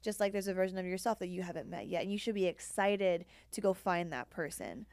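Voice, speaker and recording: A woman's voice: fairly low pitch, fairly quick, a little mellow, no room sound. A woman co-hosting a casual podcast chat. She talks candidly, swears freely and acts out quoted dialogue. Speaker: podcast co-host.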